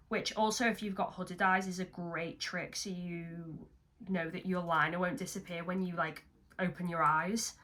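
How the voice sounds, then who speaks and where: A woman's voice: on the low side, bright, forceful tone. A young woman doing a makeup tutorial at home, chatting casually, mocking herself and swearing now and then. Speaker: makeup vlogger. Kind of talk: casual chat. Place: at home, seated.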